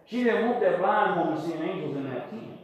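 Speaking briskly with lively intonation, an older preacher with a high, bright voice works through a folksy sermon, repeating lines and asking the congregation for amens. The mic is some distance away, and the church echoes heavily around him.

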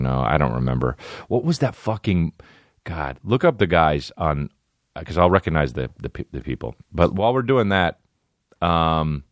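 A man's voice: rumbling low, dry recording, clean studio sound. A man hosting a comedy podcast, rambling and swearing casually as he chats. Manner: rambling, profane, self-questioning.

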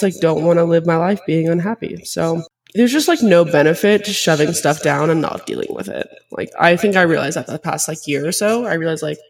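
Twenties woman, solo podcast host, teary and choked up, chatty filler-heavy ramble, slightly distant mic. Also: low voice. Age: 20s. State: tearful, choked up. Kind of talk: casual solo podcast talk.

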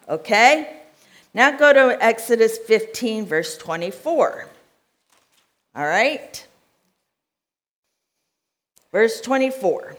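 An American woman preaching a sermon, reading scripture aloud and checking in with her listeners in a conversational way. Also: medium pitch.

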